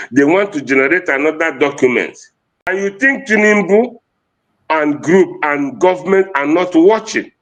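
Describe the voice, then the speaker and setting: A man with a Nigerian Igbo accent giving an impassioned livestream talk, switching between English and Igbo. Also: a little high. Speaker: activist speaker.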